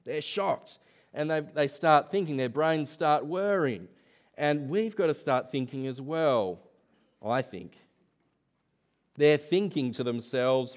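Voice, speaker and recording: A man's voice: a little high, lively intonation, slow pace. Man, preacher, sermon in church, conversational, rhetorical questions.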